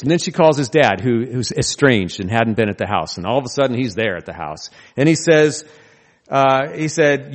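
A man's voice: medium pitch, animated, normal speed. A man in the pulpit, delivering a sermon as a storyteller, earnest and now and then wry. His voice sits in an ordinary middle range. The sound carries a long reverb, like a large sanctuary. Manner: storytelling, earnest with touches of humor. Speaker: pastor.

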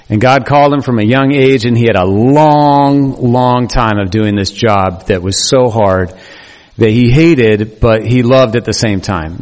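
A male pastor giving a conversational, animated sermon in a church, with frequent restarts. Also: medium pitch. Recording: long reverb of a church hall.

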